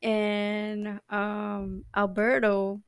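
A woman's voice: mid-range voice, monotone, drawn-out words, smooth, dry recording, studio quality. A woman co-hosting a casual podcast, mostly reacting to her brother's stories with short comments and gasps. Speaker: podcast co-host. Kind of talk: casual chat.

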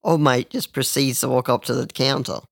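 Gravelly young man telling stories. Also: mid-range voice, moderate pace, no echo. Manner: rambling, crude, with lots of restarts. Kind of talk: casual storytelling chat.

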